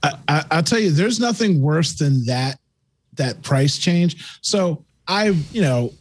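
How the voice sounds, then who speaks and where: High-pitched animated man telling stories. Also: slow pace, dry recording. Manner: animated, playful, acts out dialogue. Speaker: panel guest. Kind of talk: casual storytelling.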